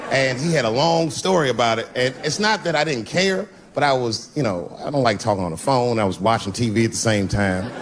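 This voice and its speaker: A man's voice: medium pitch, animated, a little fast, hardly any pauses, some chatter behind. A man in his fifties from Washington, D.C., telling profane stand-up stories with a conversational delivery. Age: 50s. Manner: profane, conversational, swings between voices. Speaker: stand-up comedian. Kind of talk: stand-up storytelling. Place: live comedy stage before an audience. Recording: noisy live venue recording.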